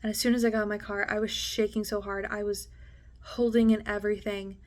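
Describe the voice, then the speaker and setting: A woman's voice: mid-range voice, little pitch movement, brisk. A young woman vlogger candidly recounting a painful personal experience, emotional, swearing often, and dropping to a near-whisper at intense moments. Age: young adult. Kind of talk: personal storytelling to camera.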